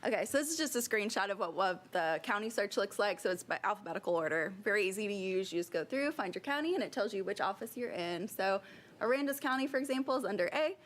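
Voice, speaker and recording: A woman's voice: medium pitch, animated, fast talker. A woman giving a casual, upbeat slide presentation at a work meeting.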